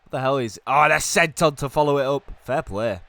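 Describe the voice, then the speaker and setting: A man doing excited play-by-play commentary on a wrestling video game while ill, dropping to low mutters and then bursting into shouts. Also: fairly quick, dry recording. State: ill, coughing.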